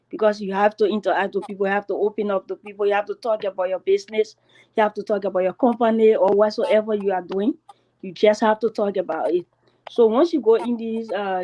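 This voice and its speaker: Woman, panelist, calm advice, warm mellow voice, muffled lo-fi sound. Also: mid-range voice. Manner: steady advice-giving with fillers. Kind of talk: panel discussion.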